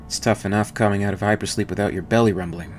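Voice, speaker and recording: A man with a low voice voicing a blunt, defensive male ship engineer in a read-aloud story. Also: fairly even intonation, quick pace, soft background music, natural voice.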